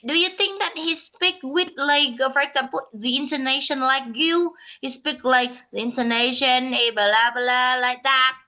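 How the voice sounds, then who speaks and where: A woman with a Vietnamese accent teaching English one-on-one over an online call. Her voice sits a little high and sounds bright and sharp. She speaks slowly, often repeating and correcting her own words. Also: poor audio. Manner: slow, repeats and corrects herself.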